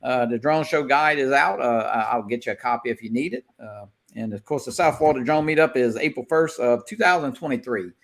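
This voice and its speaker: A man's voice: medium pitch, fairly quick, few pauses. A man hosting a casual drone livestream, talking in a rambling way with many fillers and restarts. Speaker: show host.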